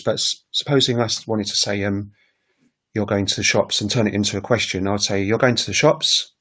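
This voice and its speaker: A man with a somewhat low voice talks casually on a livestream about learning languages. He rambles, filling pauses with ums and restarting sentences as he goes. He says example phrases aloud to show his point. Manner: rambling, full of ums and self-corrections.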